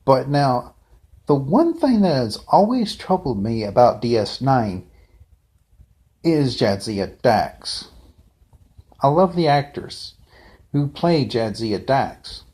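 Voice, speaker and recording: A man talks through a fan review at an unhurried, slow pace, in a mid-range voice. He rambles off the cuff, trailing into asides and restarting his sentences as he goes. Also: mid-range voice, very animated, darkish tone. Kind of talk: casual unscripted review.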